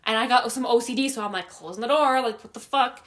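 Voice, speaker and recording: A young woman tells a spooky story from her own basement in a loose, casual chat. She is animated and swears constantly, laughing as she goes. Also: fairly high pitch, fast talker.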